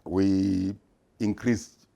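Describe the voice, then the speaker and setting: A man in his sixties, a retired business executive answering interview questions in a measured, deliberate way with frequent pauses. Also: deep voice, flat delivery, vocal fry, dark tone. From Zimbabwe. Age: 60s.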